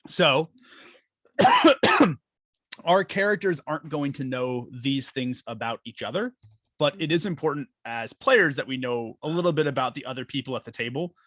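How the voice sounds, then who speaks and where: A man's voice: mid-range voice, lively intonation, normal speed, fairly bright tone, dry recording. Chatty male game master. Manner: loose and chatty, many fillers. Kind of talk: explaining a tabletop game.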